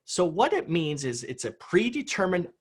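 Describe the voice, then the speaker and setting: A man's voice: high voice, big pitch swings, normal speed. A middle-aged man giving an emphatic motivational conference talk over a video call, driving home key phrases by repeating them. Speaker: conference speaker on crisis response.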